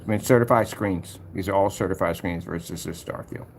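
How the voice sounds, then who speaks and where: A man's voice: deep voice, fairly quick, creaky, slight background noise. A man, rambling and boastful as he scrolls through his own demos, humming filler sounds and challenging rivals. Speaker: projector screen paint maker. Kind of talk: rambling screen-recording vlog.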